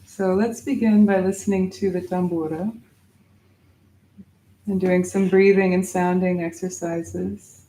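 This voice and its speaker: Slow-spoken woman teaching mantra chants. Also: fairly low pitch, fairly even intonation, roomy sound, noisy background. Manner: patient, demonstrates sounds, chants syllables slowly. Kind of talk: teaching mantra pronunciation and guided meditation.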